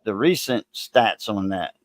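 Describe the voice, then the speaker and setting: A man's voice: on the low side, expressive, unhurried, dry recording, clean studio sound. A man hosting a livestream, rambling in a folksy, casual way and greeting viewers. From Louisiana. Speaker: livestream host.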